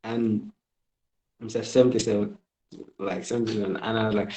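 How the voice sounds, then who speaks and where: A man's voice: fairly low pitch, brisk, low-quality recording. Guy chatting at bible study, laid back, slangy. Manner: relaxed, conversational with slang. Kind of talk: casual sharing.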